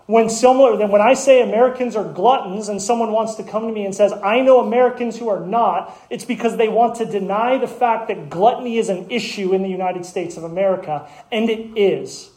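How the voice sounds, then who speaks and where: A man with a high voice delivers an earnest sermon from the pulpit. He talks conversationally, often restarting mid-sentence as he reasons through scripture. The room around him rings with echo. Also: brisk, hardly any pauses, darkish tone. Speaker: pastor.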